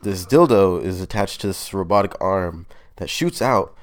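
A man playing a boastful adult male serial killer in an improvised comedy interview, bragging in a nonchalant deadpan way. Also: low-pitched, normal speed.

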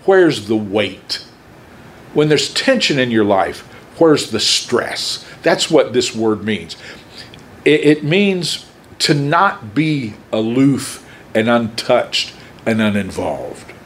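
Male pastor, unhurried emphatic sermon, voice swinging up and down. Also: medium pitch, a little hiss or hum. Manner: animated, emphatic preaching with pauses. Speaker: preacher.

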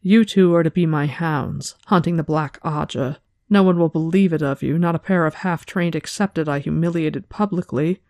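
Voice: medium pitch, normal speed, no echo, clean studio sound, close to an everyday voice. A reader doing a cool, commanding woman leader. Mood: stern. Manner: calm and commanding. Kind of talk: reading a novel aloud.

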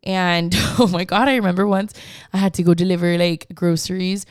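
Young woman, smooth yet gravelly, dry close sound, casual storytelling. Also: lowish voice, moderate pace, no room sound. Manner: animated, swearing, heavy use of "like", slips into Spanish.

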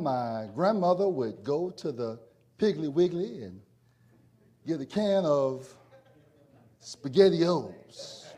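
Preacher guy, husky and kinda high, tells a story then gets loud and fired up. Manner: storytelling, building to shouted preaching. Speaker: pastor. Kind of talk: sermon.

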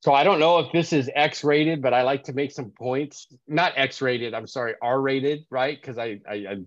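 Speaking at a measured pace in a mid-range voice, a middle-aged man who works as a sobriety coach recounts his life conversationally during an interview. He keeps asking "right?", and the call recording is dry, dull, and lo-fi with no echo.

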